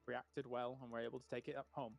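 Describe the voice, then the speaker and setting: A man's voice: mid-range voice, flat delivery, fast, creaky. Upbeat man in his thirties calling a match. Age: 30s. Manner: upbeat and bantering. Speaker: esports caster. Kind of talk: live play-by-play commentary.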